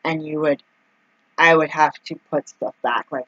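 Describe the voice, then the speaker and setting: A woman's voice: low voice, fairly even intonation, normal speed, fairly bright tone, no echo, muffled recording. A woman telling a personal story in a casual vlog, chatty and full of fillers, acting out the people she quotes. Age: adult, mother of two young kids. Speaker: vlogger.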